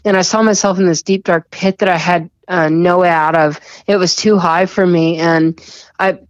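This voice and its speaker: A woman with a fairly low voice shares a personal faith testimony in an earnest, halting way, restarting her sentences. The sound is dry and a little dull. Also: fairly even intonation, no echo. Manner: earnest, halting, often repeats words and laughs softly. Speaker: guest sharing a testimony.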